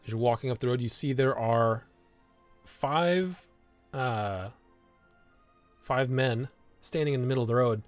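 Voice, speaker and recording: A man narrating a tabletop game as game master, halting and restarting with many fillers. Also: medium pitch, soft background music.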